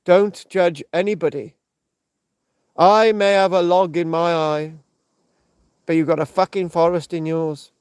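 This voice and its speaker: A man's voice: on the high side, steady tone, measured pace, long pauses, smooth, no echo, clean studio sound. A man from the United Kingdom hosting a rambling live stream, swearing heavily and checking in with "right?" all the time. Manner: rambling, heavy swearing, frequent restarts and "right?". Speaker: livestream host.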